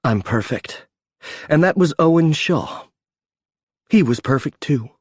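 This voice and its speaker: A bright young heroine with a lifted, friendly voice, as a male audiobook narrator puts her on. He raises his pitch well above his own low speaking voice, and the recording is close and dry. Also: lively intonation, slow pace, slightly rough, dry recording, exaggerated voice. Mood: cheerful. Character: young woman, bright and self-aware.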